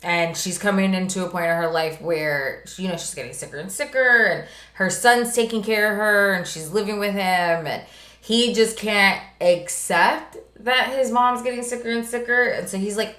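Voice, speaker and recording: A woman co-hosting a podcast, telling stories in a lively, casual way with lots of fillers and some swearing. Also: medium pitch, normal speed. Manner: animated storyteller, swearing, many "like" fillers. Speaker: podcast co-host. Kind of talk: casual chat. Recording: roomy echo.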